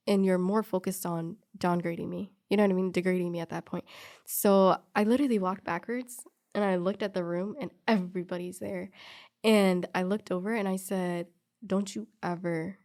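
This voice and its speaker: Woman telling a story in casual chat, acts out what everyone said, laughs a lot. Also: on the low side. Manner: animated, quotes people in dialogue, laughs often.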